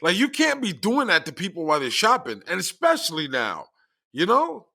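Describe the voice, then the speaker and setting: Male podcast co-host, lively bright voice, chatty and chuckling. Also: high voice, moderate pace, gravelly. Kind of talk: casual chat.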